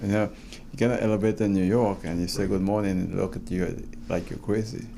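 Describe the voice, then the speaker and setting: A male interviewer with a low, gravelly voice, mostly chiming in with brief agreeing remarks. His tone is dark and mellow, with faint room noise behind him. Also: steady tone, fast. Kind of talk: conversational interview.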